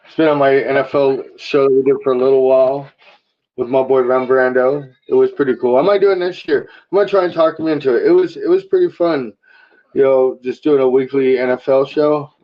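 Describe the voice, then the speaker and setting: A man hosting a casual talk show, chatting loosely with slang and a relaxed, rambling manner. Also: mid-range voice, a little fast. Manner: laid-back, rambling with slang. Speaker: podcast host. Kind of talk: casual chat. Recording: dull lo-fi sound.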